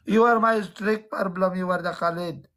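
A man with a Pashto accent, a native Pashto speaker, chatting on a live stream in halting, broken English and slipping into rapid Pashto. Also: high voice, steady tone, sharp tone. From Afghanistan or Pakistan Pashto region.

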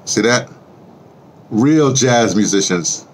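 A man's voice: medium pitch, lively intonation, slow, slight background noise. A man talking casually and rambling in a vlog, chatting about music and his day. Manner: rambling, chatty, sings along to a record. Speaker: vlogger.

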